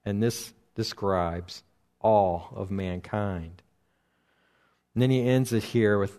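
A man teaching through a Bible passage verse by verse, speaking slowly and deliberately with frequent pauses and restarts. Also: fairly low pitch, warm tone, clear, resonant tone. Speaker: preacher.

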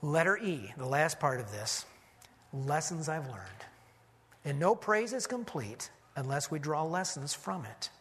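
A man's voice: fairly high pitch, very animated, a little slow, a bit bright, breathy edge. A man, a pastor, preaching an earnest expository sermon that he teaches point by point. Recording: long hall reverb.

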